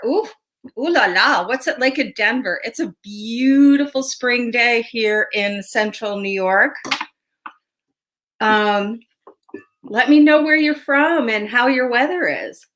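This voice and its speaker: A woman's voice: high-pitched, fairly bright tone. A woman hosting a casual livestream tarot show, chatty and friendly with viewers, laughing often and a little stuffy from a sinus cold. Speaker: host and tarot reader.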